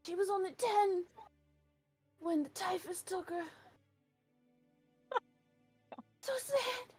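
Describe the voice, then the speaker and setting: A man voicing an excitable old male doctor who sobs and wails theatrically over a lost girl in a tabletop game. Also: extremely high pitch, slow pace, faint music behind, pitched above the performer's own voice. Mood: grieving. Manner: wailing, sobbing, theatrical grief. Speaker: player.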